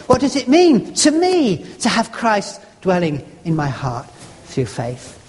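Brief: preacher, homely musing delivery, slow verse readings with shifting stress, animated pitch, large reverberant hall. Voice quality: homely, conversational, musing aloud with restarts. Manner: rereads a verse slowly, stressing a new word each time. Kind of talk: devotional teaching talk.

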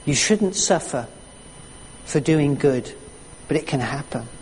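A preacher delivering a sermon with slow, emphatic storytelling. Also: mid-range voice, lively intonation, a little mellow, a little hiss or hum. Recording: echoey hall reverb.

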